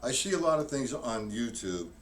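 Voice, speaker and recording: A man's voice: mid-range voice, big pitch swings, moderate pace, loud music behind the voice. A man giving a live-streamed drum lesson, counting strokes aloud and explaining technique in a rambling way with many restarts. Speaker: drum teacher. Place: room with drums. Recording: distant mic with loud drum hits.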